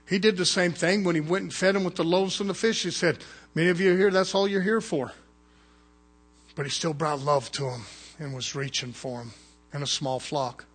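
A man preaching a fervent sermon as pastor, swinging between loud urgent calls and hushed low asides. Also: slightly rough.

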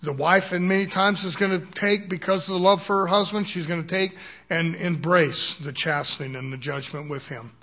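A man's voice: high-pitched, moderate pace, bright, forceful tone. An older man preaching a sermon in a folksy, chuckling way, often asking the congregation "Amen?".

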